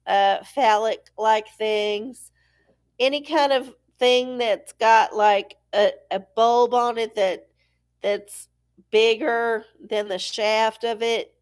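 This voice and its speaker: A middle-aged woman with a voice on the high side hosts a live-stream oracle show. She chats casually and profanely, wanders off on tangents, and sounds sneezy from allergies.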